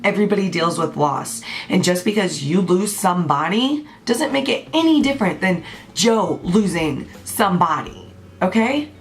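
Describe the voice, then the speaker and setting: A woman's voice: on the low side, animated, normal speed, a little hiss or hum. A woman, giving a blunt, passionate, unscripted rant to camera, swearing freely. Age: 20s. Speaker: vlogger.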